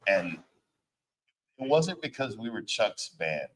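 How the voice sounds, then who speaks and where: A man's voice: fairly low pitch, big pitch swings, slow pace, poor audio. A man who plays in a band, a guest on an interview show, telling road stories in a loose, casual way, swearing freely and using lots of fillers. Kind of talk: casual storytelling chat.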